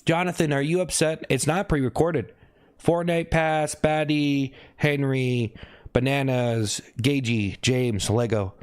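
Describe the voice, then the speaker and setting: A man talking casually on a live stream, thanking viewers by name and asking if he looks upset, with sudden high whoops. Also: steady tone, slow pace, clean tone. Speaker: livestreamer.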